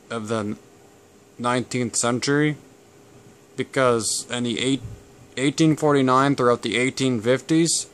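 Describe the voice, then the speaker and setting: A man's voice: mid-range voice, smooth. A man, from Canada, talking casually to camera about family history in a rambling, digressive way. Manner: rambling and digressive, with many fillers. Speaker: channel host.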